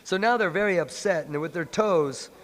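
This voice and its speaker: A man giving a sermon in a temple hall, telling a story in a playful, animated way. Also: high voice, moderate pace. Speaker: monk lecturer.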